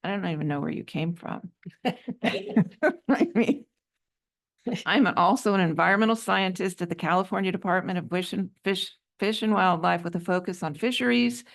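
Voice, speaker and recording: A woman's voice: on the low side, creaky. A woman on a city council, reading applicants' letters aloud at a meeting, hesitant, with many ums and slips. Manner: hesitant, many ums, trips over words. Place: council chamber.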